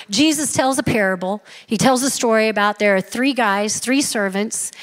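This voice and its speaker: A middle-aged woman pastor preaching a sermon in an earnest, emphatic manner in a church. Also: fairly high pitch. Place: church sanctuary. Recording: reverberant church hall.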